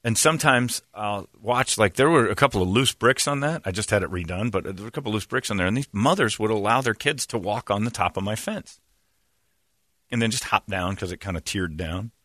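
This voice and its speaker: A man's voice: fairly low pitch, fairly quick, fairly bright tone, no room sound, clean studio sound. A man hosting a casual chat, rambling and joking, laughing often at his own bits.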